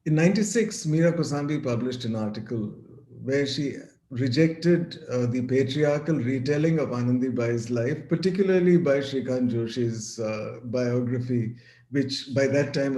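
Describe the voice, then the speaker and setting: A man delivers an academic talk over a video call, his voice dark and mellow. He reads measured passages with small restarts, and the room around him echoes noticeably. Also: medium pitch. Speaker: lecturer. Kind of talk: academic lecture, partly read.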